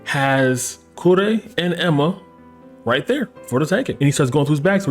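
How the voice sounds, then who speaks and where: A man hosting a casual plot recap. He talks in an animated, sarcastic way, swears freely and slips into quick mock voices for the characters. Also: on the high side, faint music behind. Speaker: anime recap host.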